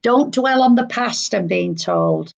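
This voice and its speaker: A woman's voice: a little high, expressive, unhurried, vocal fry. A woman working as a medium, relaying spirit messages live and acting out what she is told. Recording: livestream.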